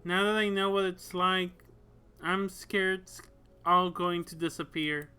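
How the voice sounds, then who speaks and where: A bashful young woman who yearns to be held, as a man puts her on. She speaks in a slow, soft, pleading way, pitched a little above his usual voice. The tone stays bright and clear. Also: steady tone, soft background music. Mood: anxious. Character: shy, lonely young woman craving closeness.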